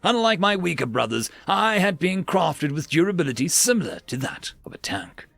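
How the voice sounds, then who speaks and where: A man narrates a sci-fi story in a wry, animated style, his pitch swinging widely. His voice is gravelly and a little high, recorded dry and close with faint music behind. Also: normal speed, no echo.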